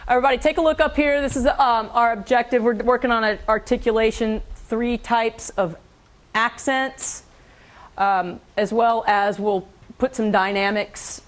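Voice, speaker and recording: A woman teaching a school band class, giving brisk directions with frequent fillers. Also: fairly high pitch, fairly even intonation. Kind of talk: classroom instruction.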